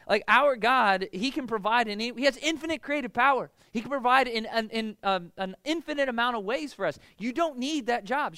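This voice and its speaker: A man's voice: sits high, fairly bright tone, smooth, dry recording, clean studio sound. A man in his thirties preaching a casual sermon, talking in a conversational way, often asking "why?" and "right?". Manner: conversational, lots of "like" and "right?", rhetorical questions. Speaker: pastor.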